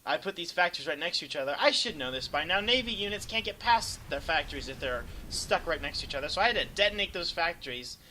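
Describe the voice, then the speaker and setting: A young man talks through a strategy game replay in a loose, rambling way, poking fun at his own play. His voice is bright and forward, and a faint hum of ambience sits under it. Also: on the high side, quick pace, few pauses, low-quality recording. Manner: self-deprecating, rambling, bursts into excited yelps. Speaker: gameplay commentator. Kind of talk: casual gameplay commentary.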